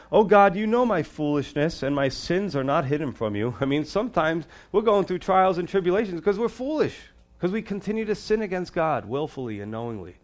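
A man preaching a sermon as pastor, shifting between loud, high emphasis and quiet, low asides.

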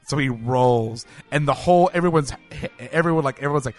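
A man, a podcast co-host, chatting casually and telling an animated story. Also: fairly quick, few pauses, soft background music. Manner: animated storyteller, jumps pitch for quoted voices.

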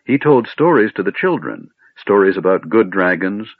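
An earnest, sturdy warrior, as a male narrator does him, pressing his questions in a severe tone. His voice sits a touch higher than the narrator's own lowish voice and moves a lot. The recording is narrow and phone-like, with no room sound. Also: sing-song, moderate pace, husky, no room sound, heavily acted. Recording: tinny phone-like band, dry.

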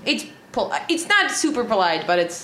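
A woman's voice: a little high, very animated, normal speed, pushed and bright, slight background noise. A woman from Poland, a tipsy, giggly podcast guest. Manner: giggly, playful.

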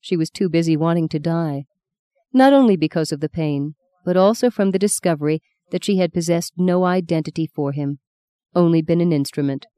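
Lady reading a novel aloud, steady and measured, warm dark tone, dry close mic. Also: fairly low pitch, clean tone, no room sound. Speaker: audiobook narrator. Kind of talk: scripted narration.

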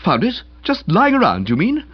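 A man reading aloud, voicing an excitable upper-class young man who speaks eagerly and emphatically. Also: sits low, moderate pace, husky, pitched below the performer's own voice, heavily acted. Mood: excited. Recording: slightly dull lo-fi recording.

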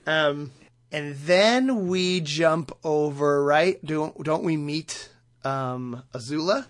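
A man's voice: a little high, drawn-out words. A man co-hosting a podcast in casual chat, retelling a cartoon episode with frequent laughs and fillers. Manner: laughs often, many fillers, acts out quotes. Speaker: podcast co-host recapping a cartoon.

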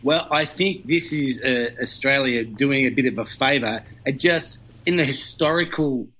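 A man's voice: medium pitch, moderate pace, bright, forceful tone, husky. Male commentator on a dull line. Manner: talkative, explains at length with fillers. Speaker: regular news commentator. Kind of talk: conversational news commentary.

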